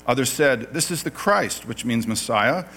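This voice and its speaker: A man's voice: medium pitch, animated, moderate pace, a bit bright. A man from Canada preaching a sermon as pastor, talking conversationally, reading scripture aloud and correcting himself mid-sentence.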